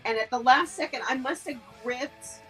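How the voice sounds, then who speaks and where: A woman with a husky voice, co-hosting a casual podcast and telling stories with swearing and laughter. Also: high-pitched, normal speed, a bit bright, soft background music, rough recording. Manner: laughing, profane storyteller. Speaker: podcast co-host. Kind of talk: casual chat.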